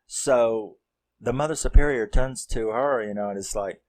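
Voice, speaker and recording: Guy slowly rambling through a movie plot, lots of swearing, lowish voice. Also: darkish tone. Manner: rambling, profane, acts out quotes. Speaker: movie reviewer. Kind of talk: casual plot recap.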